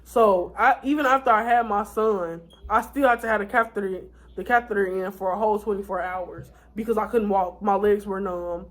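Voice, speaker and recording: A woman's voice: medium pitch, steady tone, moderate pace, hardly any pauses. A tired young woman vlogging, telling her story in a candid, rambling way with many fillers and restarts. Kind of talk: casual storytime vlog.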